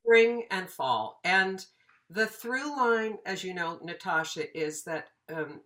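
A voiceover teacher in her fifties tells stories in a relaxed interview. Her voice is bright and sits a little low for a woman. She acts out the people in her anecdotes as she goes. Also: takes it slowly. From United States. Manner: animated, acts out quoted dialogue. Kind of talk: casual storytelling interview.

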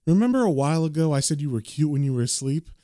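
A man voicing a teasing, affectionate young woman artist from a comic, read aloud in a casual, lightly lowered voice. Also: expressive, fast, dark tone, dry recording, clean studio sound, natural voice.

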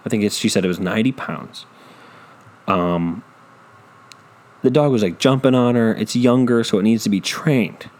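Into a studio mic, a man hosting a solo podcast rants casually, profane, rambling and self-deprecating. His voice sits on the low side and is a little mellow, moving at normal speed with long pauses.

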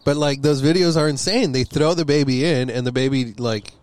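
A man's voice: medium pitch, a little fast, no room sound. A young man in casual chat, laid-back, swearing freely and calling everyone dude.

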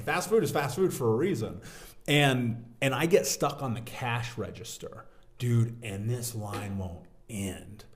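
A man in his thirties telling a story from his working life as a guest in a casual interview, animated and talking like a buddy. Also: mid-range voice. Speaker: podcast guest, business owner.

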